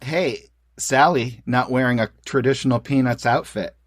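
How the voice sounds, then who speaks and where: A man in the middle pitch range co-hosts a podcast. He reads comic strips aloud with lively delivery and chuckles as he goes. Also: moderate pace, no room sound, clean studio sound. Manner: chuckles often, animated reading. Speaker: podcast co-host. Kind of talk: casual chat, reading comic strips aloud.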